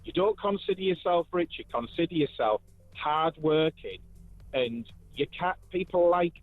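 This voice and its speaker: A man's voice: fairly high pitch, expressive, moderate pace, no echo. Male caller on a tinny phone line. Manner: earnest, emphatic, building his case. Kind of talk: phone-in call.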